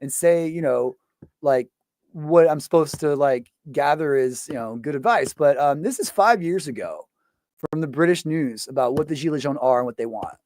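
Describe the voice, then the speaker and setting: Male host, fairly high voice, dry close sound, loose profane rant, lots of fillers. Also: expressive, moderate pace, darkish tone, dry recording. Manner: profane, rambling, full of fillers. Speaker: show host. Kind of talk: casual ranting monologue.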